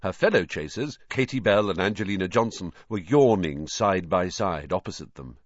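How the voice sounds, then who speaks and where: A man's voice: low-pitched, normal speed, no room sound, highs cut off. A man narrating an audiobook expressively. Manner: expressive storyteller voicing every character.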